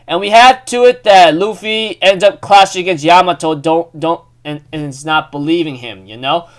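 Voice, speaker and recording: A man's voice: on the high side, normal speed. A young man casually recapping a comic chapter, rambling with many fillers and frequent laughs. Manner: excitable, rambling, laughs often, lots of fillers. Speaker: manga recap host.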